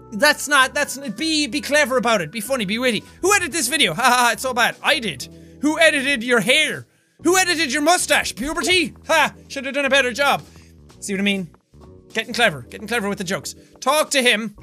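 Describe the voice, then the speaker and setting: High, lively Irish gamer man. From Ireland. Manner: excitable, jokey and profane, talking to the game. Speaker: gaming YouTuber. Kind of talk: let's play commentary.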